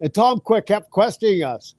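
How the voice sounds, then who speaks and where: A man's voice: high-pitched, moderate pace, no echo. A middle-aged man telling a family anecdote in casual chat, acting out the quotes. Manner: animated anecdote with acted quotes and laughs. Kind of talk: casual storytelling.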